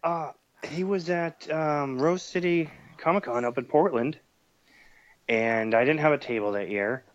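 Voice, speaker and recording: A man's voice: fairly high pitch, measured pace, no echo. A man talking as a podcast guest in casual chat, chatty and laughing, with many fillers. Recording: dull lo-fi sound.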